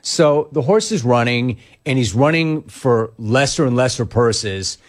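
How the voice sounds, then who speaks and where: A male sports talk host rolls through a monologue, his pitch leaping up and down as he gets worked up. He talks emphatically and tells stories in a conversational way, pushing back on listeners' comments. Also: animated, a little slow.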